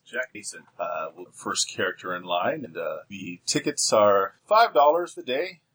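A man narrating as game master in a tabletop role-playing game, relaxed and full of filler pauses. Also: lowish voice, slightly rough.

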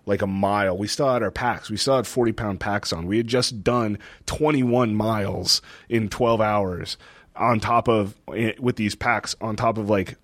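A man's voice: lowish voice, no echo. A young man co-hosting a podcast, telling stories in casual chat, laughing often and acting out what people said. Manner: animated storyteller, laughs often, acts out quotes. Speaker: podcast co-host. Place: lives in a city in the northeastern United States.

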